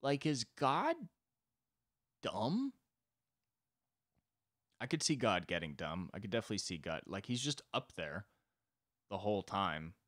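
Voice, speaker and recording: A man's voice: sits low, lively intonation, fairly quick, fairly bright tone, no room sound, clean studio sound. A young man hosting a solo comedy podcast, talking in a crude, rambling, sweary way. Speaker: podcast host.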